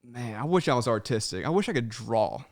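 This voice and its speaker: A man's voice: mid-range voice, sing-song, a little fast, no echo, studio quality. A young man hosting a podcast, chatting casually and animatedly, swearing freely and calling everyone "man.". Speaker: podcast host. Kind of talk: casual chat.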